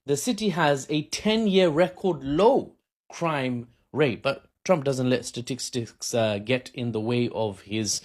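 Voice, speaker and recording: A man's voice: medium pitch, slow. Chatty man explaining politics. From Britain. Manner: chatty, self-mocking, laughs often. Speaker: political commentator. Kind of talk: casual unscripted explainer. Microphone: phone camera.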